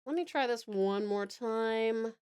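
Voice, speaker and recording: A woman from Tasmania chatting on a live stream, greeting viewers warmly and gushing over their art in a flustered, affectionate way. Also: fairly high pitch, takes it slowly, clear, resonant tone. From Tasmania, Australia. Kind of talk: casual live-stream chat.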